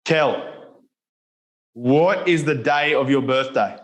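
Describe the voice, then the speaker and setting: A man's voice: mid-range voice, takes it slowly. A man hosting a casual chat show, upbeat and teasing his guest. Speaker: show host.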